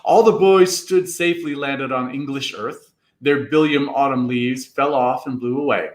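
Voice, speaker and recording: A man giving a theatrical reading of a classic story, jumping into character voices as he narrates. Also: moderate pace. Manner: theatrical, voices characters with big pitch jumps. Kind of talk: dramatic reading of a classic novel. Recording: echoey room.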